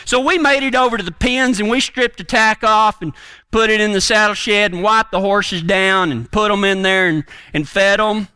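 Folksy high-voiced man telling a story. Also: moderate pace, pushed and bright, smooth, dry recording. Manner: folksy, rambling, earnest. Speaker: preacher and horseman.

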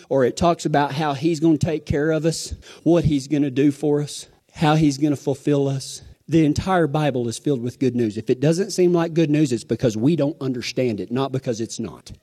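A man preaching a sermon, telling a folksy story, then pressing his points with emphatic, animated delivery. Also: fairly high pitch. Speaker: pastor.

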